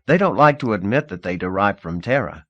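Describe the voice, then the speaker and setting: A man's voice: fairly low pitch, lively intonation, brisk, a bit bright, dry recording, dull audio. A man doing an earnest, wary young man. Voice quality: plain, earnest, cautious.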